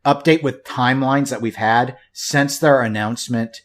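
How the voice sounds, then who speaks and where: A man's voice: medium pitch, normal speed, fairly bright tone. A man co-hosting a casual podcast, talking in a rambling way with wry asides and frequent restarts. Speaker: podcast co-host.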